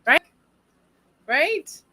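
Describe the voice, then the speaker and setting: A woman co-hosting a casual crochet livestream over a video call, chatty and quick to laugh. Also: sharp tone, dry recording. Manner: bubbly, laughs often, chatty asides.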